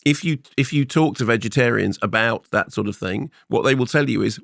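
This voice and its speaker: Gravelly-voiced, talkative male film critic. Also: medium pitch, fairly bright tone, dry recording, clean studio sound. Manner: laughs easily, rapid asides, talkative. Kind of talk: bantering podcast chat and review.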